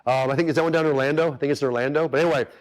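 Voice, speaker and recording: Casting: earnest male golf coach, fairly high-pitched, chatty and repetitive, addresses the audience directly. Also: fairly even intonation, very fast. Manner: earnest, repetitive, talks straight to the audience with many asides. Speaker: golf instructor hosting a webinar. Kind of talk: casual coaching talk.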